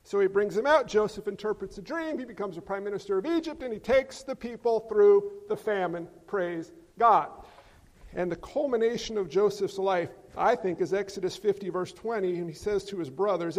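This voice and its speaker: A man's voice: sits high, moderate pace. A man preaching a sermon as pastor, joking and quizzing his congregation. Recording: long reverb of a large hall.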